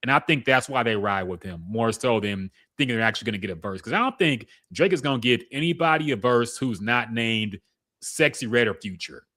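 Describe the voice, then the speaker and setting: A man co-hosting a podcast, giving relaxed, opinionated takes on music in casual chat and laughing often. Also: medium pitch, a little fast. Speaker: podcast co-host.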